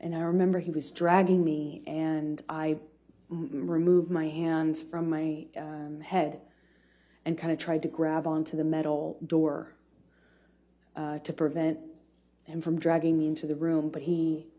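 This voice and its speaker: A woman testifying as a witness in a courtroom, speaking haltingly with many pauses and restarts. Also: sits low, flat delivery, mellow. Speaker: trial witness.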